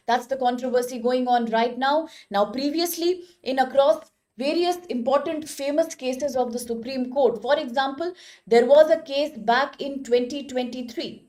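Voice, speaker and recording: A woman's voice: sits high, darkish tone. A woman with an Indian English accent teaching an online exam-prep lecture, explaining step by step and asking rhetorical questions of her students.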